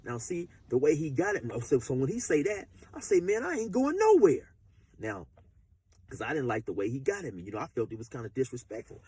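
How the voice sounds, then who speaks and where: A man's voice: mid-range voice, animated, fast, a little mellow, husky, no room sound. A man telling a story casually, rambling with repeated fillers.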